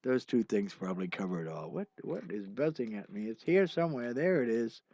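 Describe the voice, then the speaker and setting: An older man hosting a livestream of his songs, chatting casually and rambling with plenty of "uh" fillers, then signing off warmly to his viewers. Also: medium pitch, animated, brisk, dry recording. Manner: warm, encouraging sign-off. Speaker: singer-songwriter hosting a livestream. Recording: dull, muffled lo-fi sound with faint music.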